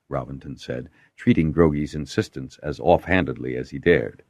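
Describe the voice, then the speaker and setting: Deep-voiced man narrating a fantasy audiobook. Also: normal speed, hardly any pauses, no room sound, clean studio sound. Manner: voices many characters with lively pitch shifts.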